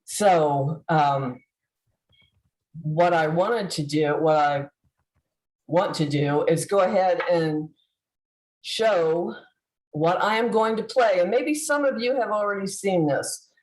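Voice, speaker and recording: Woman, convention presenter, heartfelt tribute, halting with restarts, lowish voice, roomy echo. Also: darkish tone. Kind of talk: heartfelt tribute over a video call. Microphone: video call.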